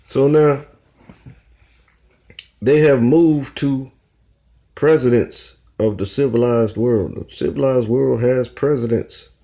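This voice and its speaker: Dude hosting his channel stream, slow and drawn out, keeps going "you see?" and teasing the chat. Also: mid-range voice, a little mellow. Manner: keeps asking the viewers rhetorical questions; teasing, talks straight to chat viewers. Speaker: channel host. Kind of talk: casual livestream teaching.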